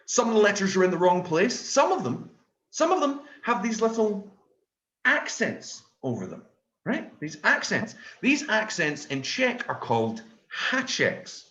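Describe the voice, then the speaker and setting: A Scottish comedian delivers a stand-up set, telling his story in an animated, sweary way. His voice swoops widely up and down. It rings out in a roomy, echoey space. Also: high voice, measured pace. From Scotland.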